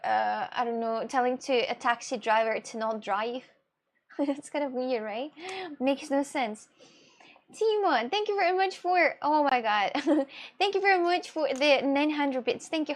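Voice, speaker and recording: Young russian woman streaming, high voice, rambly, keeps laughing and restarting sentences. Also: normal speed. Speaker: livestreamer. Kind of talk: casual live-stream chat with viewers.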